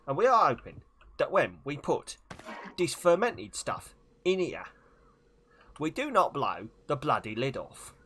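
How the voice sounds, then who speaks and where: Brief: streamer putting on a pompous older gentleman, slow with heavy emphasis, raised and animated. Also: a little high, a little hiss or hum, voice pushed up, heavily acted. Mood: grand, emphatic. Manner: slow, deliberate, over-stressed words.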